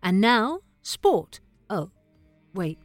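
A woman playing a radio news announcer, reading a mock bulletin in a formal, deadpan way. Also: mid-range voice, extremely slow, no echo, soft background music.

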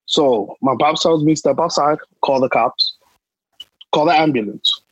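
Husky-voiced New man telling a story. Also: fairly high pitch, measured pace, no echo, muffled recording. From New York. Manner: emphatic, repetitive street slang. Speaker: podcast co-host. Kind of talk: casual storytelling chat.

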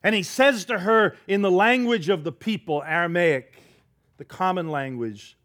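A man's voice: high voice, normal speed. A man preaching a sermon as pastor, telling the story dramatically and drawing the congregation in. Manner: dramatic storytelling, drops to a hush for quoted words; leads the congregation in call-and-response.

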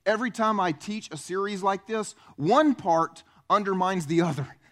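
A man pastor preaching a sermon, animated and acting out the voices he quotes. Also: sits high, moderate pace.

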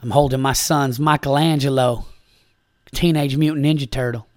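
A man's voice: mid-range voice, fairly even intonation, normal speed, no room sound, clean studio sound. A man from upstate New York hosting a comedy podcast in casual chat, rambling and profane, with lots of fillers.

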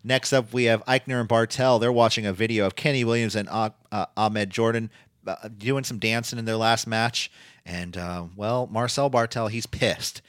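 Low-voiced man rambling through a recap. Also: fairly even intonation, moderate pace, no room sound, studio quality. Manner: rambling, filler-heavy play-by-play with frequent restarts. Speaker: podcast host recapping wrestling. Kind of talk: casual chat.

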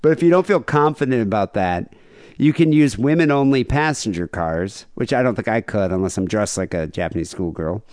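A man's voice: on the low side, lively intonation, fairly quick, darkish tone, no echo, studio quality. A man in his thirties, hosting a casual comedy podcast, rambling and joking with laughs. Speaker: podcast host.

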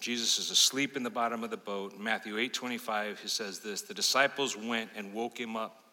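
A man preaching a sermon as pastor, swinging from loud urgent peaks to quiet, intimate asides. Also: fairly low pitch, steady tone, brisk. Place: church sanctuary. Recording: long hall reverb of a church sanctuary.

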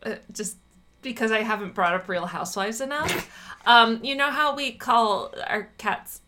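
A woman co-hosting a casual chat, chatty and quick to laugh, with lively asides. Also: fairly high pitch, a little hiss or hum. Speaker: podcast co-host.

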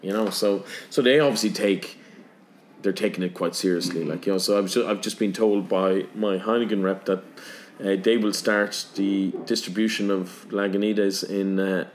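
A man's voice: low voice, steady tone, normal speed, slight background noise. An Irish man, a bar manager, chatting casually and rambling, often repeating words as he thinks. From Ireland. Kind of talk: casual chat.

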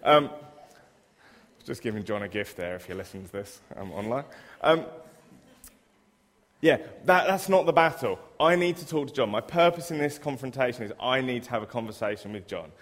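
A man's voice: mid-range voice, lively intonation, moderate pace, fairly bright tone. A man giving a sermon in a church, chatty and self-deprecating, acting out everyday scenes as examples. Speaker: preacher who works in a school. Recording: reverberant church hall.

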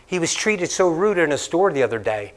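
Storytelling pastor with a lively sermon voice. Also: male voice, fairly high pitch, a little fast. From Northeastern United States. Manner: conversational storytelling preacher who laughs and repeats lines for emphasis. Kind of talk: sermon and closing prayer. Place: church sanctuary.

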